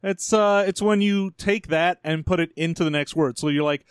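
A man's voice: fairly high pitch, moderate pace, clear, resonant tone, no room sound. A man co-hosting a podcast in casual chat, answering with dry, wry one-liners. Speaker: podcast co-host.

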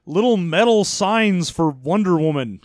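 A man co-hosting a podcast, chatting casually, excitable and swearing freely. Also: high-pitched, a little slow, no echo, studio quality. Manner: excitable, swears freely, slips into silly voices. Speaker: podcast co-host. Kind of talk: casual chat.

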